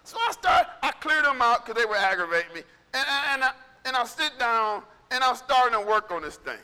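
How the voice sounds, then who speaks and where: A male pastor preaching in a casual storytelling way, animated and conversational, acting out what people said. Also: very high-pitched, a little fast, clean tone, big-room sound. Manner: animated, conversational, acts out quotes. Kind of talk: storytelling sermon.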